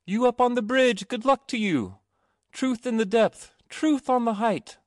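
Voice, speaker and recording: Playful water maidens call out in a high, lilting voice , as a male narrator plays them. The pitch sits far above the reader's own. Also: unhurried, no echo, clean studio sound.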